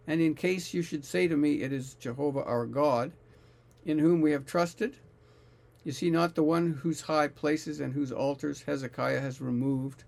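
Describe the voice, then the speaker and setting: A man reading aloud the taunting speech of a boastful male royal envoy, declaiming loudly and slowly. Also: medium pitch, vocal fry.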